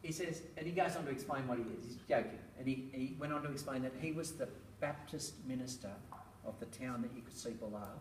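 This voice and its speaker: A man's voice: mid-range voice, fast talker, hardly any pauses. A middle-aged man giving a public talk on parenting, telling anecdotes with chuckles and rhetorical asides. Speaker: speaker on parenting, school educator. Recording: roomy, distant, noisy room recording.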